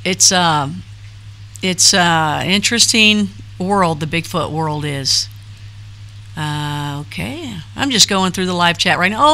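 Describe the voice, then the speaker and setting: A woman's voice: lowish voice, animated, takes it slowly, sharp tone. A middle-aged woman hosting a casual live stream, chatting loosely and reading out names from the chat with lots of fillers. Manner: chatty, rambling, reads chat names aloud with frequent fillers.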